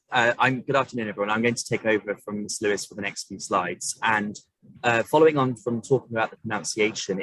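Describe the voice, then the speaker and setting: A man teaching a parents' workshop in a husky, slightly breathy voice, close and dry with no room sound. He explains steadily and models word stress as he talks. His voice sits at an ordinary middle pitch. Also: a bit bright, no echo, rough recording. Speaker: primary school teacher.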